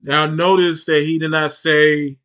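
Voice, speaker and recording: Heated high-voiced man ranting. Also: flat delivery, a little slow, fairly bright tone, smooth. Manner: heated, repetitive, mocking. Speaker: reaction channel host. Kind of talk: reaction commentary.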